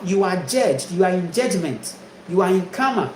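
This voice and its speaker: A man's voice: high-pitched, big pitch swings, moderate pace, a little mellow, echoey room, a little hiss or hum, low-quality recording. A man from Ghana preaching a spiritual monologue, emphatic and repetitive, full of rhetorical questions. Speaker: spiritual teacher.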